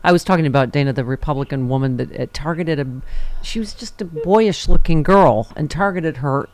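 A woman's voice: deep voice, brisk. A woman hosting a talk radio show, chatting casually and taking calls from listeners. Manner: warm and conversational, takes calls. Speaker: host.

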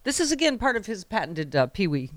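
A woman hosting a political talk show, chatting casually with quick, wry, joking asides. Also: medium pitch, very animated, no room sound. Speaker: talk radio host.

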